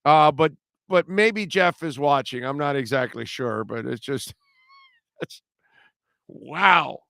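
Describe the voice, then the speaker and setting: Hosting a sports talk show, this man speaks animatedly and casually, laughing and rambling as he keeps restarting his sentences. His mid-range voice is a little slow with some vocal fry, and the tone is clean with no echo.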